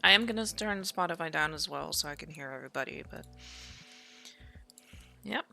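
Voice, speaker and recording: A woman's voice: low-pitched, moderate pace, vocal fry, pauses often, sharp tone, soft background music. A woman streamer chatting casually to her viewers, rambling with lots of fillers, her voice tired from a long day of talking. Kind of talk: casual live-stream chat.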